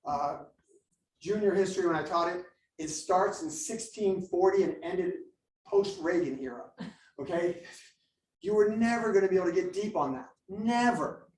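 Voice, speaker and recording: A school administrator with a high-pitched voice speaks at normal speed, giving a live presentation to parents in a school meeting room. An animated storyteller, he jokes and acts out students, and the recording is echoey.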